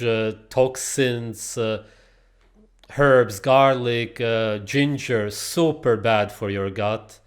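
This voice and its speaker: Man, low pitch, casual reaction commentary, lecturing. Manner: opinionated, lecturing, with frequent "uh" fillers.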